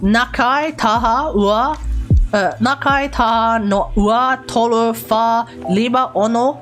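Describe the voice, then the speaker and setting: A woman's voice: a little high, slow pace, fairly bright tone, faint music behind. An Australian woman live streaming, thinking aloud as she sounds out and repeats unfamiliar foreign words. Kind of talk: casual live-stream chat.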